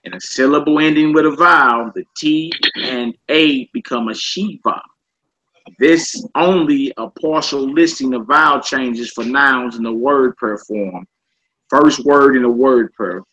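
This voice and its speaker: A man teaching a class, reading from a book and explaining slowly, repeating each word and often asking "all right?". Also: medium pitch, sharp tone. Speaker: Hebrew teacher. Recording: muffled lo-fi class recording with faint noise.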